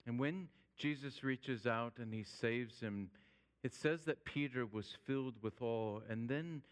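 A male pastor preaching a sermon, swinging from loud urgency down to a hushed near-whisper. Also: mid-range voice, a little slow, smooth. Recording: long hall reverb.

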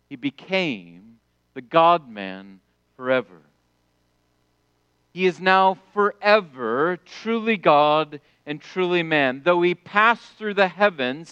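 A middle-aged male pastor preaching a sermon, emphatic, rising to loud declarations and dropping soft. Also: on the high side, smooth, no echo, muffled recording.

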